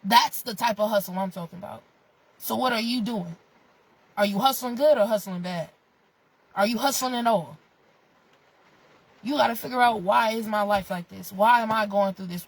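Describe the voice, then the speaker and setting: A young woman with a husky, slightly breathy voice talks straight to her viewers in a casual, profane motivational rant. She is blunt and animated, swearing freely as she lectures them. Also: mid-range voice, poor audio. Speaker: vlogger.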